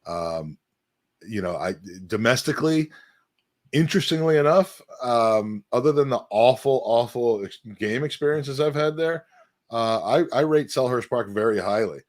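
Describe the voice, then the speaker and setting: Medium-pitched and animated, this podcast co-host speaks at normal speed on a dry, clean studio recording. The conversation is a casual, rambling chat marked by fillers and restarts.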